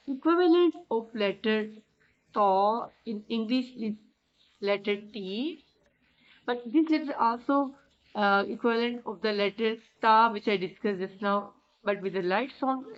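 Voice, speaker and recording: A woman teaching the letters of an alphabet, explaining slowly and repeating sounds to demonstrate them. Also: mid-range voice. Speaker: Arabic teacher. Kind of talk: slow explanatory lesson. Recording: dull lo-fi recording.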